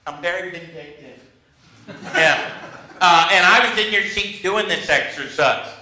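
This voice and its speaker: A man with a high, very bright, forceful voice leads a negotiation workshop for a live class. He teaches in a humorous, self-mocking storytelling manner. The sound rings around an echoey training room. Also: a little slow.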